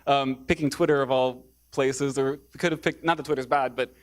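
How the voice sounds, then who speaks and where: A man's voice: medium pitch, fairly even intonation, normal speed. A man giving a public talk in a theater, hesitant, with many fillers and restarts. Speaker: speaker.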